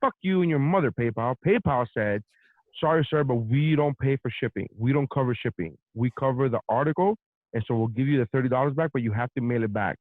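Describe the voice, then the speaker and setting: A man's voice: medium pitch, fast talker, no room sound. A man rants through a long story with plenty of swearing, like a host holding the floor. His voice comes through narrow and phone-like. There is little room sound around it. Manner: profane, animated storytelling. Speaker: podcast host. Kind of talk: casual storytelling rant.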